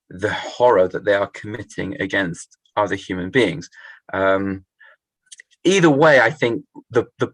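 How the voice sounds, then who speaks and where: A man's voice: fairly low pitch, a bit bright, slightly rough, no echo, rough recording. A man leading a Torah study class, thinking aloud, restarting phrases and putting questions to the group.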